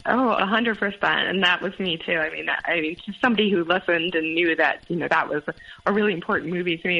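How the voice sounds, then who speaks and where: A woman recounting her past relationship as a podcast guest, halting and full of fillers. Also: on the low side, gravelly, lo-fi sound. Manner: halting, many fillers and restarts. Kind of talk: personal story in interview.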